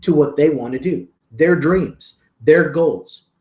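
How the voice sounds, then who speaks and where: A man's voice: fairly high pitch, slow pace, darkish tone, roomy sound. A man giving a weekly live marketing training, coaching viewers in an upbeat, salesy way.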